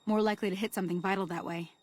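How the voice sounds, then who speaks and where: A woman's voice: medium pitch, steady tone, racing, darkish tone, no room sound, natural voice. A woman playing a folksy frontier gal. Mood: easygoing. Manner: folksy, homespun country talk. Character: friendly young frontier woman guide. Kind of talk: video game dialogue.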